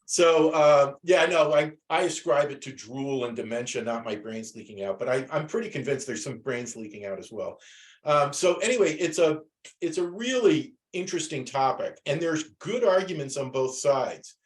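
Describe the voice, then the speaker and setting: A man's voice: a little high, animated, moderate pace. A man teaching a class over a video call, talking casually and rambling with many restarts.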